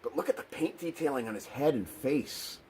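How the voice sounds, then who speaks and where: A man chatting casually through a toy unboxing, sarcastic and dry, with plenty of ums along the way. His voice sits at an ordinary middle pitch. A faint hiss of background noise runs under the recording. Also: expressive, normal speed, a little mellow.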